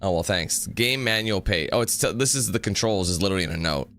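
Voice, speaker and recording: A man's voice: deep voice, animated, quick pace, a bit bright, a little hiss or hum. A young man giving casual, rambling gameplay commentary, greeting viewers and laughing easily. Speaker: gaming YouTuber. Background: music.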